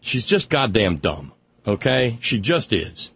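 A man's voice: lowish voice, sing-song, slow pace, creaky, breathy edge, muffled recording. A man hosting a radio talk show, delivering sardonic, rambling political commentary and stumbling over repeated words as he gets worked up.

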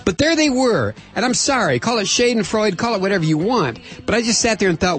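A man's voice: high-pitched, very animated, a little fast, few pauses, fairly bright tone, faint music behind. A middle-aged man hosting political talk radio, ranting in a combative and sarcastic way into a close studio microphone.

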